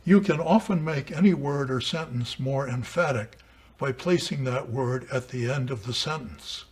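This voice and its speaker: A man reading a lesson on composition aloud in a measured, deliberate way. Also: mid-range voice, husky. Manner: measured, deliberate, with dramatic emphasis on quotations. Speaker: writing teacher. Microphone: camera mic.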